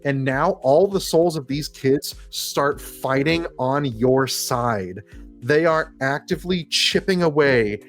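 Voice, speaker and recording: Lively, swearing male game master. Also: medium pitch, takes it slowly, faint music behind. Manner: lively, swearing, laughing narration. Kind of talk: narrating a comedy tabletop game.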